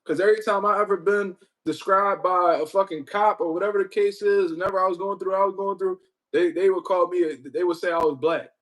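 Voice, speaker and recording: A man hosting a livestream, talking casually with heavy profanity and animated storytelling. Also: high-pitched, a little fast. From Puerto Rico. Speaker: livestream host.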